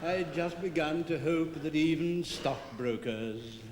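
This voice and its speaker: A dithering old judge who stammers and chuckles his way through his words. His voice sits fairly high and moves slowly. It comes from an echoey old film soundtrack with a lot of hiss. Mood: wry. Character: dithering, wry older male judge.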